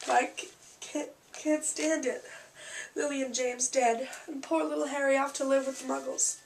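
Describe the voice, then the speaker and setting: A woman reading the lines of a huge, soft-hearted half-giant groundskeeper from a storybook, stammering and emotional, a little louder than her narration. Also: a little high, steady tone, normal speed, close to an everyday voice. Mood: tearful. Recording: slightly distant mic with faint hiss.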